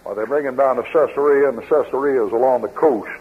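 Preacher guy, husky voice, telling stories and reading verses, muffled old radio sound. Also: medium pitch, fast. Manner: folksy storytelling, reading scripture aloud. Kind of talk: sermon. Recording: dull lo-fi old radio broadcast.

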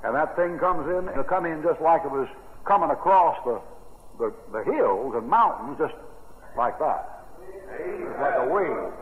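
A man's voice: fairly high pitch, animated, normal speed, slight background noise. An older American man preaching a sermon on Bible verses in a folksy, rambling way. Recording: tinny old radio broadcast with long reverb.

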